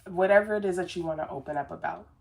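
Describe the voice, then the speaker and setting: This is a woman with a fairly low, very fast voice and some vocal fry, giving a casual motivational talk to camera. She's a business coach rambling earnestly, full of fillers and restarts, and calls herself very sensitive.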